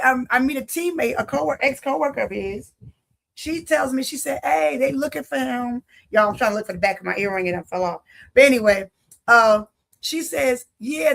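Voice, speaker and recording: A woman's voice: sits high, creaky, rough recording. A woman with a Philadelphia accent telling her life testimony, acting out the voices of the people in it. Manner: animated, acts out quoted voices. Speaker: life speaker giving a testimony. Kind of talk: storytelling testimony.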